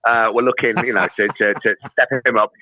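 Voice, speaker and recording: A man's voice: lowish voice, flat delivery, a little fast, bright, forceful tone, dry recording, rough recording. A man from Scarborough, a rival fan on a video call, teasing the hosts in casual banter. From Scarborough, England. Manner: mocking, puts on silly voices to tease.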